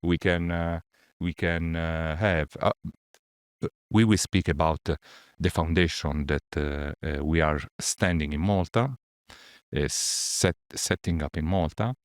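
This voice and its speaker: Hesitant low-voiced man, dry sound. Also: unhurried, smooth, no echo. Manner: hesitant, many fillers and restarts. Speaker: researcher. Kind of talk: halting conversational explanation.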